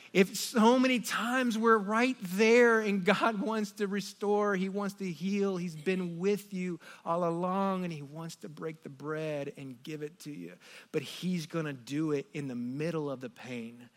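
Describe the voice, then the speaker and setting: Male pastor, high-pitched, animated, hushed then loud, storytelling sermon.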